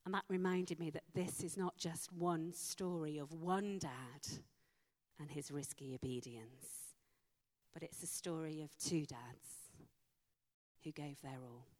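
A woman preaching a sermon, slow and emphatic with dramatic pauses. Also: low voice, steady tone, a little mellow. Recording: long hall reverb.

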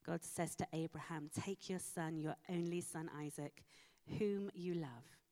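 Slow, low-voiced woman preaching. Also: steady tone, dark tone. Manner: slow, emphatic, with dramatic pauses. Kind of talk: sermon. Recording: long hall reverb.

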